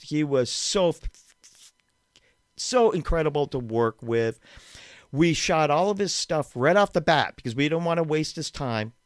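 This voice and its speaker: Lively, animated male storyteller. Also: medium pitch, smooth, dry recording, studio quality. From Western Massachusetts, USA. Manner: animated storyteller, laughs often, repeats words. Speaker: guest, documentary filmmaker. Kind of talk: casual anecdote telling in a podcast interview.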